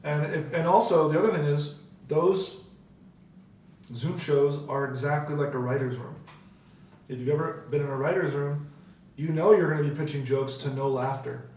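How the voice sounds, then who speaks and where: A man's voice: a little high, steady tone, moderate pace, darkish tone. A young adult man, a guest comedian, chatting casually and correcting himself as he goes. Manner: rambling, self-correcting, conversational. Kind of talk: casual chat. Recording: roomy distant mic with faint background.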